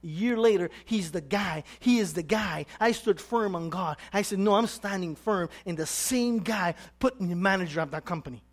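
A man's voice: sits high, normal speed, hardly any pauses. A man preaching a sermon as pastor, telling his own story and acting out the questions of his listeners. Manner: animated preaching with acted questions and rising emphasis.

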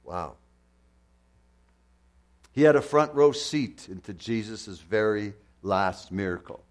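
In a lowish, expressive voice and an unhurried rhythm, a man delivers a passionate sermon. He swings between loud and hushed, fires off rhetorical questions, and repeats phrases to drive his points home.

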